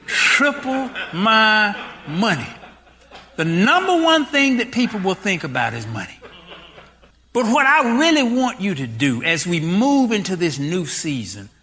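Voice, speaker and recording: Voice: mid-range voice, wildly swooping pitch, normal speed, fairly bright tone. Sixties pastor preaching, voice swoops up and down, asks the crowd lots of questions. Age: 60s. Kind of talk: sermon.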